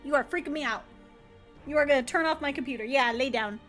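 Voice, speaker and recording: A woman streaming a video game, chatting casually with her viewers, laughing often and breaking into loud playful outbursts. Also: high-pitched, fast talker, soft background music. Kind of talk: casual livestream gameplay commentary.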